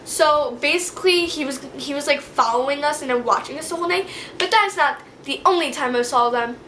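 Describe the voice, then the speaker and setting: Young woman vlogger doing storytime, high pitched and sharp, super casual and slangy. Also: brisk, a little hiss or hum, rough recording. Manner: animated, acts out quotes in a slangy casual way. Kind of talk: storytime vlog. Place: indoor room.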